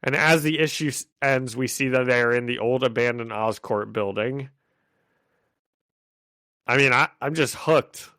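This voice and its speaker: An excitable man talks through a comic issue on a podcast, casual and chatty and quick to laugh. His pitch sits in an ordinary middle range. The sound is dry and close, with no room echo. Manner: excitable, laughs easily, thinks aloud. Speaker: podcast co-host.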